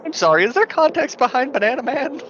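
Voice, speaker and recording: A player in a tabletop game, speaking in a quick, matter-of-fact way while declaring actions. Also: sits high, big pitch swings, background noise. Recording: dull lo-fi stream audio. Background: background music.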